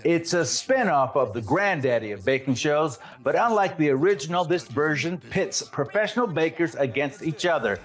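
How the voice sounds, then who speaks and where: A man with a fairly high voice hosting a streaming show. He moves from scripted intros into chatty, upbeat stories. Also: expressive, moderate pace, few pauses. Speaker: show host. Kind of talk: scripted streaming roundup and casual chat.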